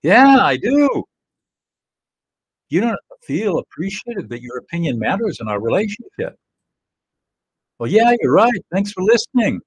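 A man doing a bright, grateful partner. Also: very animated, unhurried, long pauses, slightly rough, no echo, heavily acted, poor audio. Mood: light. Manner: light and eager, high voice. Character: a calmed, grateful partner in an example dinner argument.

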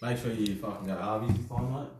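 A man's voice: fairly low pitch, fast talker, heavy background noise. A young Australian man co-hosting a card-opening video, heckling his mate with crude banter and a "mate" on every line. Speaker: card-break co-host. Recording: roomy echo.

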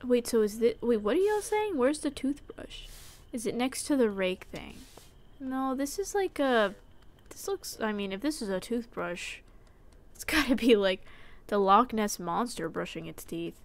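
A woman streamer giving playful, chatty commentary while she plays a game, going from sudden yelps to hushed whispers. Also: on the high side, lively intonation, unhurried. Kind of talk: casual gameplay commentary.

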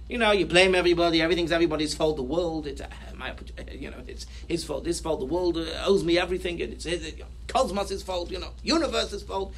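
A man teaching as a rabbi, his voice pitched high and bright. He quotes Hebrew sources and unpacks each one in English. He talks in an animated way and acts out people's reactions. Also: normal speed. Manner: reads Hebrew sources aloud, then explains them in English. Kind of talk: Torah talk to a congregation.

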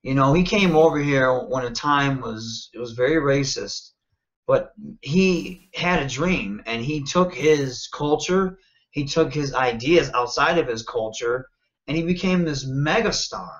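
A man from Michigan, a wrestler and interview guest, talking in an animated, confident, self-promoting way and often checking in with "you know what I mean.". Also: medium pitch, measured pace, lo-fi sound. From Michigan, United States. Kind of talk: casual interview talk.

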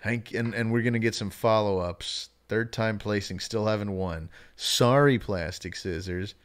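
A male streamer with a lowish voice wraps up a live stream, speaking a little slowly in casual, self-mocking chat, his throat slightly strained. He reads viewer messages aloud in exaggerated put-on voices.

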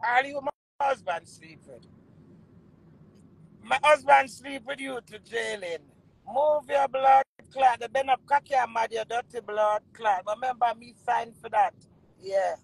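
A woman's voice: a little high, measured pace, gravelly, breathy edge, rough recording. A woman with a Jamaican accent delivering a heated, profane monologue full of repeated curses. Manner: heated, profane, repetitive cursing. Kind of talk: angry ranting monologue.

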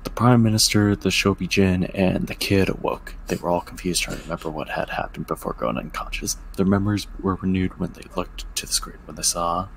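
A man's voice: sits low, steady tone, brisk, vocal fry, hardly any pauses, a little hiss or hum, rough recording. A man reading a fan-written story aloud, with joking asides and stumbles on words. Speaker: story reader.

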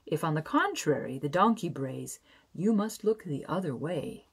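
A wise old tomcat from a bedtime storybook, sensible and kind, speaking in a low, slightly husky voice, as a woman reading aloud puts him on. He talks slowly and gently, like a caring father to his colony. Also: lively intonation, full character voice. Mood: warning. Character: wise old male cat, kindly and sensible.

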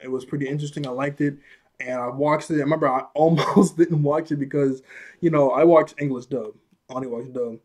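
A man's voice: a little high, fairly even intonation, a little fast, darkish tone. A young man hosting his own video, casually retelling an anime scene in a rambling, chatty way with restarts and laughs. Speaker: anime vlog host.

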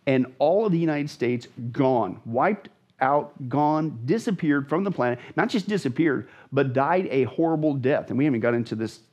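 A man speaks as a pastor, his voice slightly high and husky. He teaches with dramatic emphasis, repeating phrases for stress. The recording sounds somewhat dull and lo-fi. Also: animated, normal speed, a little mellow. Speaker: pastor, guest. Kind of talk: animated Bible teaching in conversation.

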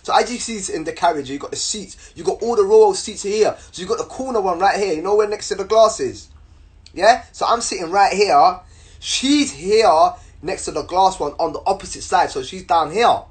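A young man telling a story to camera in an animated, slangy way, repeating words as he goes. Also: sits high, normal speed. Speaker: vlogger.

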